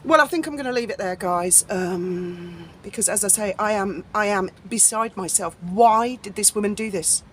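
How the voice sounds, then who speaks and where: A woman YouTube commentator delivers an angry, sarcastic ranting vlog, swearing freely and mocking people indignantly. Her medium-pitched, slightly bright voice moves at a moderate pace with hardly any pauses. There is slight background noise.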